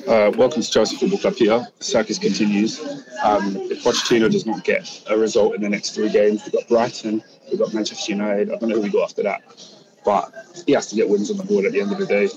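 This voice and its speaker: A man argues football in an emphatic, heated way, stacking repeated words as he builds a point. His voice comes through a dull, lo-fi line. Loud chatter from a crowd sits behind him. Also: lowish voice, little pitch movement, quick pace. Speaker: football podcast panelist. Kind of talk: casual football banter.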